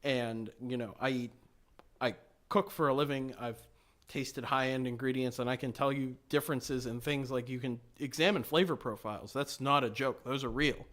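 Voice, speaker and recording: A man's voice: mid-range voice, fairly even intonation, normal speed, a bit bright. A man who cooks for a living, talking bluntly and with strong opinions in casual chat. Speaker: cook, wine tasting guest.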